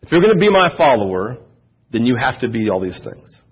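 A man preaching a sermon to a congregation in a church, animated and acting out the voices he quotes. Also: mid-range voice, fairly quick, slightly rough, highs cut off. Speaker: pastor.

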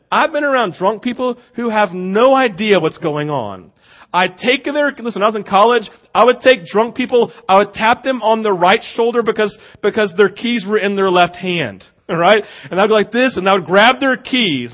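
A man preaching in a high voice, animated and expressive, jumping into playful little impressions before dropping low and intimate. The sound is a bit dull and lo-fi. He sounds like a pastor speaking to his congregation. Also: normal speed. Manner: animated preaching, acting out voices and rising to loud emphasis. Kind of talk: sermon.

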